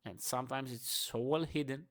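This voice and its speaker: Man, non-native english, morning rant, emphatic, swears a lot, lots of fillers, mid pitch. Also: normal speed. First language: not English. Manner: emphatic, profane, restarts and fillers, swings loud and soft. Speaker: vlogger.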